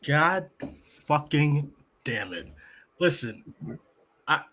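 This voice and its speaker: A hyped American man reacting to a football match, his bright, forceful voice full of loud swearing. He talks fast and animated in a casual podcast chat. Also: on the high side. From United States. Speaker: podcast panelist.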